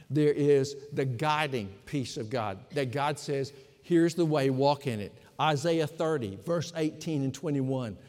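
A man delivering a sermon at a deliberate, unhurried pace, leaning on each phrase. His voice sits slightly high for a man. It rings out with a long reverb, as if in a church sanctuary. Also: a little mellow. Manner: slow, emphatic preaching with pauses. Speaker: pastor.

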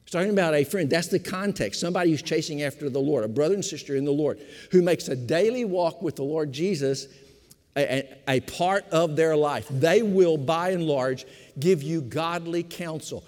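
Older pastor guy preaching, repeats lines hard, slows down to hit a point, big reverby hall. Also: a little high, darkish tone. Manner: emphatic preaching, repeats key phrases, shifts between slow stress and quick asides. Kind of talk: sermon.

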